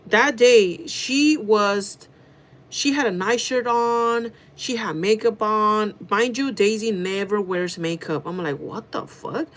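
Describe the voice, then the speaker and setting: Animated, gossiping woman in her thirties. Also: mid-range voice, takes it slowly. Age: 30s. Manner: animated gossiping with frequent swearing and laughter. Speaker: vlogger. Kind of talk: casual storytelling.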